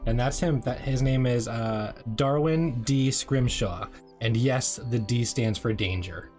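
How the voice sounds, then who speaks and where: A man's voice: mid-range voice, measured pace, darkish tone. A man playing a tabletop game, describing his character in a rambling, hesitant way. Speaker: player. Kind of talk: casual tabletop chat. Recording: faint background music.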